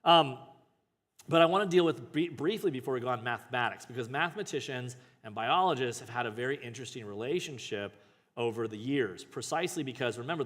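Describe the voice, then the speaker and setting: A man in a church hall reads a book aloud and keeps breaking off for casual, joking asides before picking the text back up. His voice sits at an ordinary pitch for a man, and a long reverb trails behind every phrase. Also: fairly bright tone. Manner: casual, joking asides and self-corrections between read passages. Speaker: pastor teaching a book study. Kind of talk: reading a book aloud with off-the-cuff commentary.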